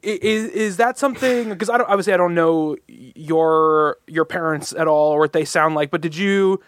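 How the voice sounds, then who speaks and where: A young man from Long Island hosting a casual chat, talking quickly with restarts and frequent laughs. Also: fairly high pitch, clean tone, no room sound. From Long Island, New York.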